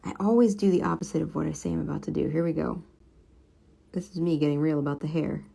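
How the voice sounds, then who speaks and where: A young woman with a fairly low voice chats casually on a drawing livestream. She reads viewer comments aloud and drifts into soft muttering while she works. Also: fairly even intonation, fast, vocal fry, slightly rough. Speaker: comic book artist streaming a drawing session.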